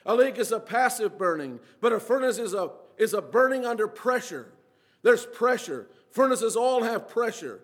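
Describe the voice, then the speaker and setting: Male preacher, high voice, earnest delivery with repeated phrases, long reverb. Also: big pitch swings, moderate pace. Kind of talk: sermon.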